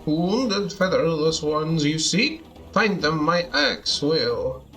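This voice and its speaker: A man's voice: fairly high pitch, takes it slowly, a bit bright, faint music behind, voice pushed down, rough recording. A man voicing a cowardly bird-man creature who talks in backwards word order and squawks while pleading for his life. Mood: menacing. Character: cowardly male bird-man beast, fawning and sly. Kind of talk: reading game dialogue aloud.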